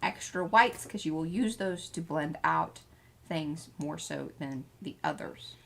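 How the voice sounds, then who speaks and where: A woman's voice: low voice, expressive, measured pace, gravelly. A woman co-hosting a craft livestream, chatting casually, greeting viewers and reading out their comments. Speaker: livestream co-host reading the chat.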